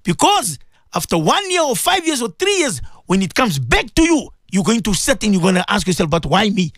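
A man's voice: high voice, very animated, brisk, fairly bright tone, no room sound, clean studio sound. A man presenting a morning radio show, delivering an impassioned sermon-style talk with emphatic repeated phrases.

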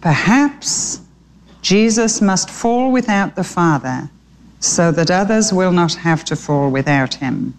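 Cast a woman voicing a gentle mother sparrow: soft, hushed, wise, storybook tone. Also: lowish voice, expressive, takes it slowly, slight background noise. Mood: tender.

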